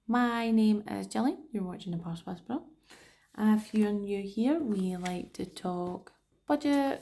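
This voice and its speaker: A woman's voice: mid-range voice, a little mellow. A British woman vlogging about her budget in a chatty, rambling way, with self-mocking asides. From United Kingdom. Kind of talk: casual chat to camera.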